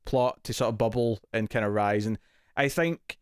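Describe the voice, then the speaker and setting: A man's voice: on the low side, fairly even intonation, moderate pace, clean tone, no room sound, studio quality. A man co-hosting a TV review podcast in casual chat, talking loosely with lots of fillers and easy laughs.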